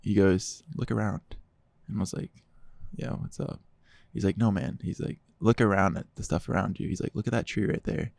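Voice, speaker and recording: A man speaking as a podcast guest, telling his testimony in a casual, animated way and quoting others in dialogue. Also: lowish voice, normal speed, creaky, dry recording.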